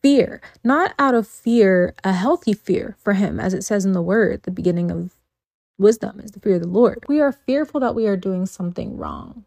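A woman's voice: medium pitch, vocal fry, darkish tone, no echo, studio quality. A woman hosting a faith devotional podcast, speaking earnestly and exhorting, repeating phrases and adding a casual "like" and "right?". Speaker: podcast host.

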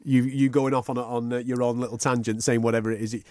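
A man's voice: mid-range voice, flat delivery, fast talker, a little mellow, dry recording, studio quality. A man hosting a podcast, chatting casually in a jokey, teasing way and swearing freely. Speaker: podcast host. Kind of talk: casual banter.

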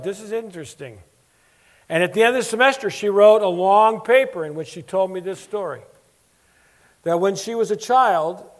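A man preaching a sermon, telling stories with animated quoted voices before an audience. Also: high voice. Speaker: preacher and Bible teacher. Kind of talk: sermon with storytelling.

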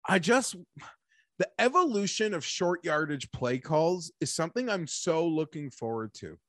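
A man hosting a casual sports talk show, animated and rambling, talking like an emphatic fan. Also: a little high, unhurried, no echo, clean studio sound. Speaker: sports podcast host.

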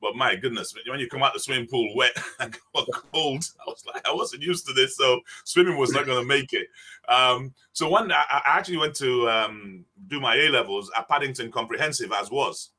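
A bright, forward-sounding voice belongs to this older man. He is a former basketball player who tells stories in a relaxed conversational way, slipping into the voices of the people in them. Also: medium pitch, moderate pace. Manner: animated, acts out dialogue in the stories. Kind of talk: conversational storytelling.

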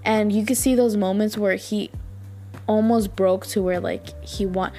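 Gushing woman with a gravelly edge. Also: medium pitch, fairly even intonation, measured pace, warm tone, faint music behind. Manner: gushing and chatty, with many fillers. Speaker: podcast host. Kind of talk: casual chat.

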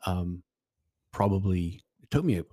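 A man's voice: deep voice, lively intonation, unhurried, mellow, no room sound, studio quality. A middle-aged man telling a personal story as a podcast guest, rambling with restarts and quoted dialogue. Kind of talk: casual storytelling.

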